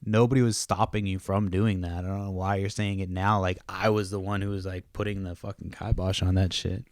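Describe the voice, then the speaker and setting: Profane rambling low-voiced man. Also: flat delivery, fairly quick, no room sound, studio quality. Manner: profane, rambling, self-interrupting. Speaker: podcast host. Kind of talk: casual rambling monologue. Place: home, kids nearby.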